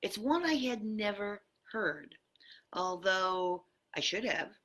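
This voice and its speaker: Woman speaker, bright tone, deliberate slow motivational delivery, leans hard on key words. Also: mid-range voice, expressive. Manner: emphatic, varies tone for effect. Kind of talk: motivational talk.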